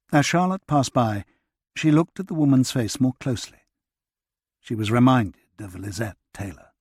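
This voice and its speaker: A man narrates a period romance in a measured, even way. His husky voice sits at a middle pitch and is recorded close and dry in a studio booth. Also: dry recording. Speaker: audiobook narrator. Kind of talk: scripted audiobook narration.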